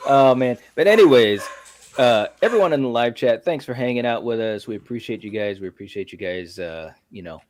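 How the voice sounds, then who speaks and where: Lively man reading live chat. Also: mid-range voice, fairly quick, dry recording. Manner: reads chat comments aloud, upbeat. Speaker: co-host of a live horror talk stream. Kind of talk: casual live-stream chat.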